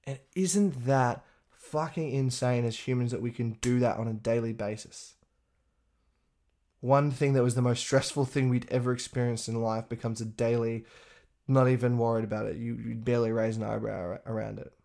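A man giving a profane, animated motivational talk. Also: moderate pace, gravelly. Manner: profane, animated, acts out others in a higher voice. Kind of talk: casual motivational monologue.

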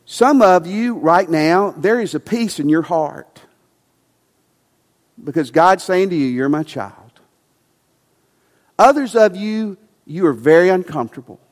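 Passionate pastor preaching in a reverberant hall. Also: male voice, sits high, expressive, measured pace, pauses often. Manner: emphatic, rising to passionate preaching then dropping soft. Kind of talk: sermon. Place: church sanctuary.

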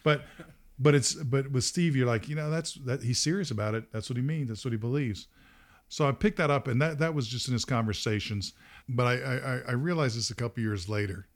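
Middle-aged male podcast host, mid-pitched, lively storyteller who laughs a lot. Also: a little fast. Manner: animated, laughs often, acts out quotes. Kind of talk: casual storytelling.

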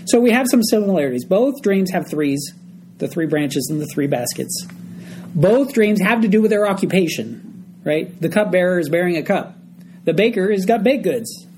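A man's voice: sits high, lively intonation, normal speed, a little mellow, slight background noise, low-quality recording. A man teaching a group Bible study, explaining a passage verse by verse and often checking in with his listeners.

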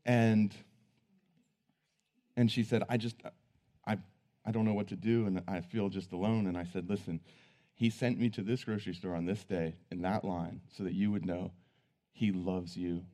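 A man's voice: sits low, fairly even intonation, moderate pace, long pauses, dark tone. A man preaching, telling a personal story in an earnest, conversational way. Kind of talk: sermon storytelling.

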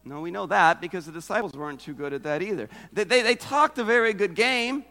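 A man's voice: sits high, fairly quick, pushed and bright, in a large hall. A man preaching a sermon as pastor, earnest and emphatic, who asks rhetorical questions and repeats phrases for effect.

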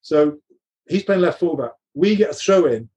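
A man's voice: a little high, animated, normal speed, dark tone, husky, muffled recording. A middle-aged man telling stories from his coaching career, laughing often and acting out the dialogue he quotes. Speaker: guest recounting coaching career. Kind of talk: animated anecdotal storytelling.

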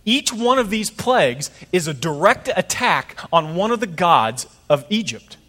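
A middle-aged male pastor delivering a sermon, his voice sitting a little higher than most men's. He talks in a loose, conversational way and slips into quick voices for the people in his stories. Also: big pitch swings, sharp tone, long reverb tail. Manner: conversational, storytelling preacher acting out voices.

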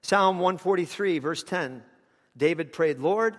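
A man's voice: a little high, expressive, measured pace, big-room sound. A man preaching a sermon, telling a story with passion, his intensity rising and falling.

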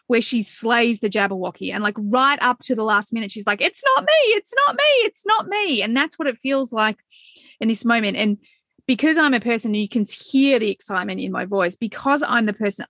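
An effusive woman chats eagerly about the year ahead, sometimes swearing in her excitement. Her voice is close and dry, with no room sound around it. She talks at an ordinary, mid pitch. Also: no room sound. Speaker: tarot reader guest. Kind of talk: casual podcast chat.

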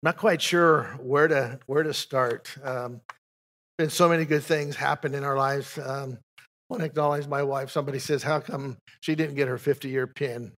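A man's voice: medium pitch, fairly even intonation, moderate pace, a bit bright. An older man, a pastor, giving a folksy spoken testimony from the pulpit, telling stories with frequent restarts.

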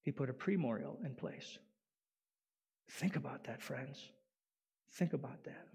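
A male pastor preaching a sermon in an animated way, swinging from loud emphasis down to quiet. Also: mid-range voice, unhurried, vocal fry, slightly rough. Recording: long hall reverb.

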